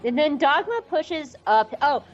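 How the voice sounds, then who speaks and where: A woman podcast host giving a chatty, irreverent recap of an animated show. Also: sits high, measured pace, muffled recording, a little hiss or hum. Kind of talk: casual recap.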